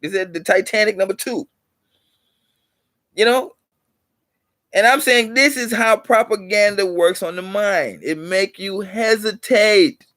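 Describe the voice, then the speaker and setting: A man's voice: sits high, unhurried, long pauses, fairly bright tone, no room sound. A man hosting a vlog who talks in a preachy, repetitive way, driving points home with allegorical stories. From United States. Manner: preachy, repeats points for emphasis. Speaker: channel host. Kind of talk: motivational vlog talk.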